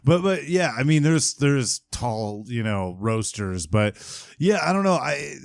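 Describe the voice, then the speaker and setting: A man's voice: mid-range voice, sing-song, measured pace, vocal fry, no echo, studio quality. A man who is a guest on a podcast, talking casually and hesitantly, with many fillers. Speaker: podcast guest, co-host of a restaurant podcast.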